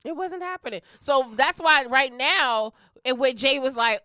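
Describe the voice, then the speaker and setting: A woman's voice: high voice, lively intonation, unhurried, sharp tone, no room sound, studio quality. A woman co-hosting a podcast in casual chat, blunt and emphatic, swearing freely. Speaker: podcast co-host.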